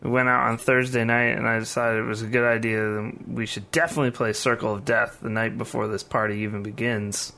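Podcast dude, bright sharp voice, laid back, just chatting. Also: male voice, on the low side, little pitch movement, brisk, vocal fry, few pauses. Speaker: podcast co-host. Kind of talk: casual chat.

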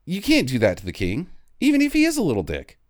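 A podcast co-host in casual comedic chat, retelling a film sarcastically with quick mock voices, swearing and laughing often. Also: medium pitch, huge pitch swings, darkish tone, no echo, clean studio sound.

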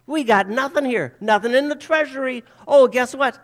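A man's voice: very high voice, normal speed, big-room sound, voice pushed up. A male pastor voicing worried male disciples who plead with their master, in a raised, fretful voice.

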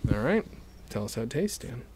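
A man's voice: mid-range voice, very animated, brisk, noisy background. A man hosting a casual podcast from a home studio, rambling and self-deprecating with lots of jokes and fillers. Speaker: podcast host.

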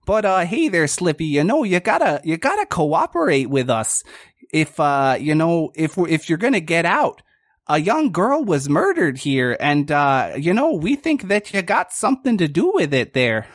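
A man's voice: on the high side, sing-song, moderate pace, no echo, clean studio sound. A man voicing a friendly pig police officer who talks in a folksy, drawling way with lots of hesitations. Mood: coaxing. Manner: folksy, drawling, many "uh"s and "there"s.

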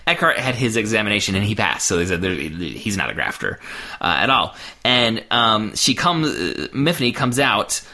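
Animated, bright-voiced man telling a story. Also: fairly low pitch, normal speed. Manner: animated, giggly storytelling with many fillers. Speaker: podcast co-host. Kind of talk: casual chat.

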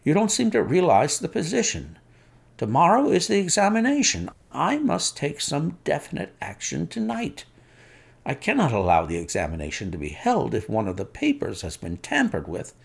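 A man's voice: low-pitched, wildly swooping pitch, fairly quick, few pauses, breathy edge, exaggerated voice. A man reading an audiobook, voicing a fussy, anxious male college tutor who pleads earnestly. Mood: alarmed.

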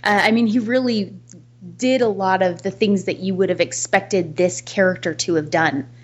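A woman's voice: mid-range voice, fairly even intonation, normal speed, breathy edge, dull audio. A woman co-hosting a podcast in casual film discussion, thoughtful, restarting her sentences and laughing between points. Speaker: podcast co-host.

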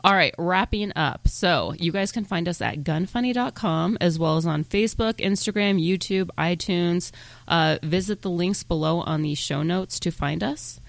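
A man's voice: sits high, normal speed, creaky, dry recording. A man hosting a podcast, chatting casually and plugging the show between jokes. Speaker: podcast host.

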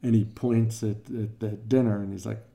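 A man's voice: fairly low pitch, fairly even intonation, moderate pace, creaky, dark tone. An older man teaching a class, telling stories in a casual, rambling way with many fillers and quoted voices.

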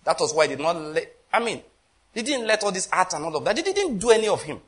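A man preaching a sermon with passion, swinging between loud emphasis and quiet asides, often asking the congregation rhetorical questions. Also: high-pitched, very animated, fast talker.

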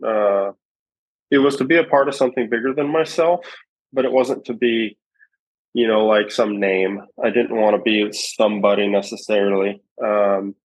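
A man's voice: lowish voice, steady tone, moderate pace, slightly rough, no echo, low-quality recording. A man talking as a podcast guest, reflective and rambling, with many fillers and restarts. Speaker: guest, bowhunter. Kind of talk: casual podcast conversation.

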